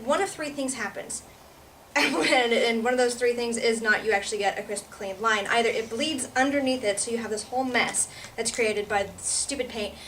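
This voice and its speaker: Giggly ranting woman, high voice. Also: fairly bright tone. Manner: giggly, rambling, exasperated. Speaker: actor. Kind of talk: comedic rant monologue. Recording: distant mic, faint room noise.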